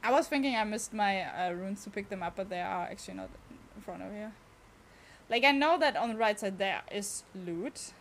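In casual gameplay commentary, a young woman talks to her chat and exclaims as she streams a game. Her voice is medium-pitched and a bit bright, at a normal speed, with slight background noise.

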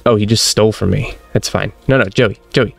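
A man giving excitable let's-play commentary, laughing often and chatting to his in-game pet as he plays at home on a close desk mic. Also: on the low side, moderate pace, gravelly, faint music behind. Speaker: gaming channel host.

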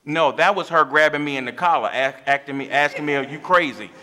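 A man's voice: on the high side, fairly quick, bright, forceful tone. A man preaching a sermon as pastor of his church, impassioned, with call-and-response asides to the congregation. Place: church sanctuary.

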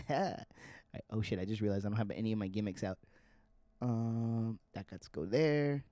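Chatty streamer, low voice, swears freely while playing. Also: male voice, moderate pace, warm tone, dry recording. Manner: profane, chatty, talks to himself and the game. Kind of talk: live gameplay commentary.

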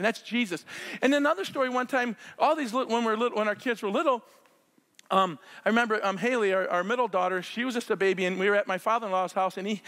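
A middle-aged man preaches in a church, his voice pitched very high and bright. He tells personal stories excitedly, breaking into shouts and laughter. A long reverb from the hall trails his words. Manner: excitable storyteller, shouts and laughs while acting out scenes. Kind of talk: sermon with personal healing stories. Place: church sanctuary.

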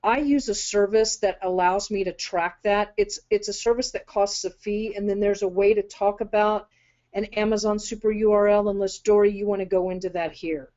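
Woman webinar host, direct and businesslike, warm low-key timbre, muffled audio. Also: fairly even intonation. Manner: brisk and direct, reading out viewer questions. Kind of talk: casual live webinar Q&A. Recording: dull lo-fi audio.

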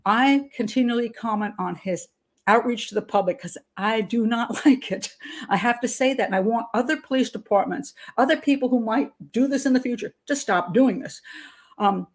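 A frank older woman hosts her channel with a slightly high voice. She talks in a loose, opinionated flow, with restarts and short laughs between her points. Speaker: criminal profiler, channel host. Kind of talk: casual commentary monologue.

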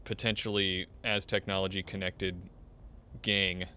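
A man's voice: low voice, level tone, measured pace, sharp tone, a little hiss or hum. A man chatting casually while playing an online game with friends, rambling and restarting his sentences. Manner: rambling, restarts, laughs often. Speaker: gamer on a playthrough show. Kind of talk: casual gaming chat.

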